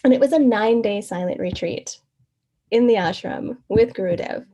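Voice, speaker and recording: A woman guest in an interview tells her story casually and animatedly, laughing often and acting out the exchanges she quotes. Her voice is mid-range and her speed normal.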